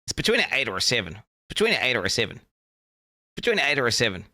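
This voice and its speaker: A young man reacts live on his stream, thinking out loud and circling back over the same points. His voice is bright and forceful, and he swears casually as he goes. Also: mid-range voice, fast talker. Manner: excitable, thinks aloud, repeats himself, swears casually.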